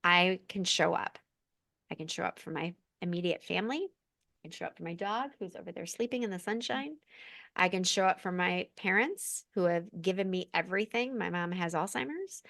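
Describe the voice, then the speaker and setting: A woman speaking as a podcast guest in an expressive, candid, effusive way. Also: lowish voice, gravelly, no echo, clean studio sound. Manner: expressive, effusive, quick asides. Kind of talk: candid conversational chat.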